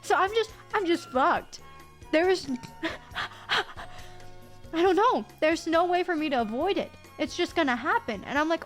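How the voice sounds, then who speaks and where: A woman streamer in casual live-stream chat, excitable and swearing freely. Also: very high voice, unhurried, soft background music.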